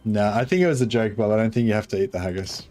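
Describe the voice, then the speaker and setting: A man's voice: lowish voice, fast, warm tone, faint music behind. A man chatting casually on a game livestream, rambling, chuckling and reading chat aloud. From Australia. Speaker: streamer. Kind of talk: casual live-stream chat.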